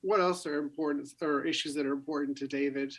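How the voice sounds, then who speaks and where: A man's voice: on the high side, steady tone, fast, a bit bright. A man in a casual chat, blunt and jokey, swearing freely.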